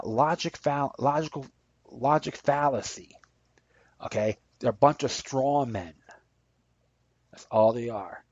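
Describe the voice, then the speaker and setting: A man's voice: mid-range voice, a little mellow, husky, no room sound. A man hosting a podcast, giving rambling, impassioned political commentary and reading articles aloud. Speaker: podcast host. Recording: dull lo-fi dry recording.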